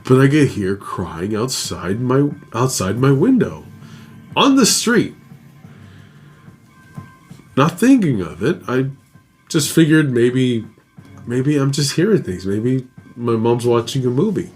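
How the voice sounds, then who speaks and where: A man reading a ghost story slowly and dramatically, drawing out his words with lively swings in pitch. He breaks in with casual asides, and faint music plays underneath. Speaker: host.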